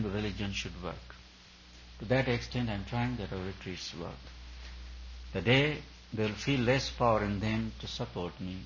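A man's voice: lowish voice, muffled recording, slight background noise. Man preaching in an emphatic, repetitive cadence. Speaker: spiritual teacher. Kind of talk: sermon.

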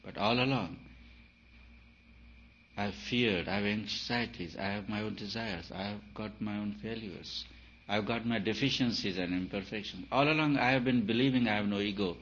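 A man giving a spiritual talk, emphatic and repetitive, his voice swelling and dropping in loudness. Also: on the low side, normal speed. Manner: emphatic, repeats phrases, rises and falls in loudness. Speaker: spiritual teacher. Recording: dull lo-fi recording with faint hiss.

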